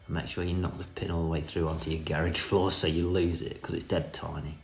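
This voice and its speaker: Cheeky man, very deep gravelly voice. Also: level tone, a little fast, darkish tone. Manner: cheeky, self-mocking running commentary. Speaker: vintage reel restorer. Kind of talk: casual hands-on repair tutorial. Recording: echoey room with music behind.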